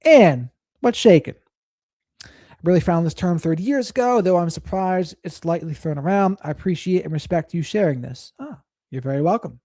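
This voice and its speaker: Mellow man hosting a live stream. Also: sits high, expressive, normal speed, dry recording, clean studio sound. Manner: reflective, reads chat and thanks viewers. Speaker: host of a live stream reacting to clips. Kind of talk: casual live-stream commentary.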